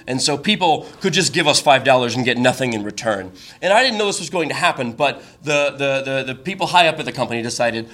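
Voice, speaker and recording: Bright-voiced man telling a funny story. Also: medium pitch, lively intonation, a little fast, few pauses. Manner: conversational, with frequent restarts and fillers. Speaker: storyteller at a live show. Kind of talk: comic personal storytelling. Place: stage before a live audience.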